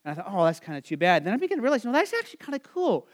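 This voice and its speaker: A man preaching a sermon, earnest and explanatory, with many fillers and restarts, slowing down and going soft on scripture phrases. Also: sits high, wildly swooping pitch. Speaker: pastor.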